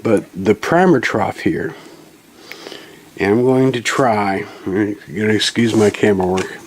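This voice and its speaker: A man's voice: lowish voice, measured pace. Folksy man rambling through a tool demo. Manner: rambling, folksy, self-correcting, apologetic asides. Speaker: channel host demonstrating a reloading tool. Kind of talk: casual hands-on tutorial. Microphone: camera mic, handheld then on tripod.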